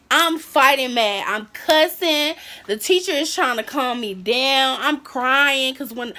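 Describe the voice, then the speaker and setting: A young woman vlogger telling a high school story in a casual, animated way, acting out what people said. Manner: animated, acts out quotes.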